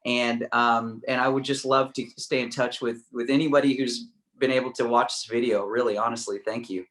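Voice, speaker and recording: A man, a country singer from Texas, talking casually and gratefully in an interview, softly with quick low asides. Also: fairly even intonation.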